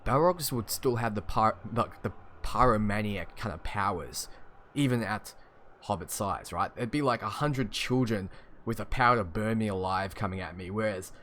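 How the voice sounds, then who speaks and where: A man's voice: fairly low pitch, normal speed, a bit bright, slight background noise. A young Australian man with an Australian accent, casually chatting and chuckling as he answers stream chat. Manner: chatty and laid-back, chuckling often.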